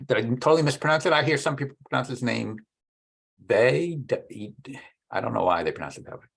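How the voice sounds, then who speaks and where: Husky-voiced man, animated delivery, working through math ideas out loud with halting restarts. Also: medium pitch. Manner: thinking aloud, halting and restarting. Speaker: mathematician discussing research. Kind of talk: casual technical conversation.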